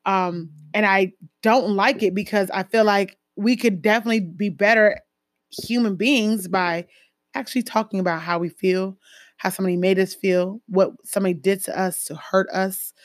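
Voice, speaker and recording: A woman from a Jamaican family talking casually about her life, full of fillers and lively emphasis. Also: medium pitch, moderate pace, no echo, clean studio sound. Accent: American with Jamaican-family roots. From Caribbean, Jamaican family. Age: adult, a mother. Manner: conversational, lots of fillers, animated emphasis. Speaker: speaker sharing personal stories. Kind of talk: casual personal talk.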